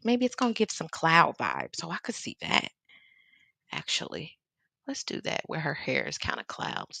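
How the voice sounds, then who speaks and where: Here the Chicago-accented host, a Midwesterner, talks casually over her painting stream in a Seattle home studio, laughing often while reading viewer comments. Her pitch is on the high side with vocal fry, and the sound is pushed and bright. No room sound is audible.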